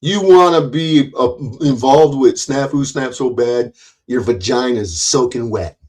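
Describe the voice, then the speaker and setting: A man's voice: medium pitch, a little slow. Profane, sarcastic man ranting on stream. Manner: loud, forceful delivery that he calls passion. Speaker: YouTube channel owner. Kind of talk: heated livestream rant.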